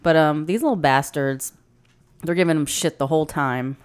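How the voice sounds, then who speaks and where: Low-voiced, blunt, sweary woman. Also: moderate pace, clean tone. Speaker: podcast co-host. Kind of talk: casual movie recap chat.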